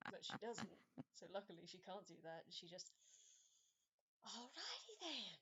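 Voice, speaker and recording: A woman playing a tabletop role-playing game, animated and exasperated, swearing for comic effect. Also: lowish voice, a little fast, breathy edge. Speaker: player. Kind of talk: casual tabletop role-play.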